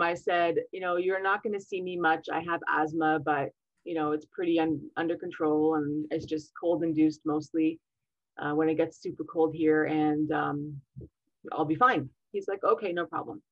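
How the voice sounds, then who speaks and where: A woman's voice: low-pitched, no room sound, lo-fi sound. A woman, a podcast guest, telling a story over a remote call and acting out the voices of the people in it. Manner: animated, acts out quoted dialogue. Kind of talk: casual storytelling interview.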